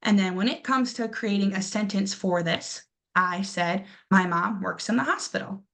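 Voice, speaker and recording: A young woman teaching a pronunciation lesson, patiently encouraging her students and repeating each word slowly. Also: mid-range voice, creaky, fairly bright tone.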